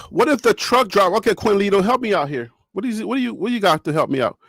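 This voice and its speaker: A man's voice: high-pitched, expressive, fast talker, gravelly, a bit bright, breathy edge, no room sound, studio quality. A man hosting a casual sports talk show, rambling and joking as he throws rhetorical questions at his audience.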